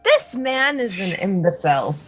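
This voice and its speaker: A woman's voice: medium pitch, sing-song, normal speed, fairly bright tone, faint music behind, poor audio. A woman in a tabletop game, speaking bluntly and dryly. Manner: blunt, dry. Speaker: player. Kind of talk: casual tabletop play.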